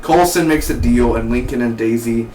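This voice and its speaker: Excitable man reviewing TV, roomy sound. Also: medium pitch, moderate pace, slight background noise. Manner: excitable, slangy, breaks into mock voices. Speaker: TV show reviewer. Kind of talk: casual episode review. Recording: roomy, distant mic, faint ambience.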